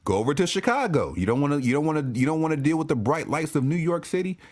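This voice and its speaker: A man ranting as a sports fan commentator, profane and animated, often restarting and repeating himself. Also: a little high, fast talker. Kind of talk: ranting vlog.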